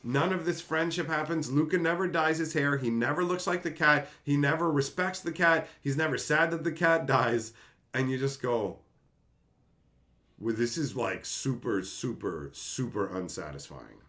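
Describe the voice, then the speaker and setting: A man's voice: on the high side, normal speed, bright, forceful tone. A man casually ranting on a livestream, reading chat aloud, laughing and swearing as he gets worked up.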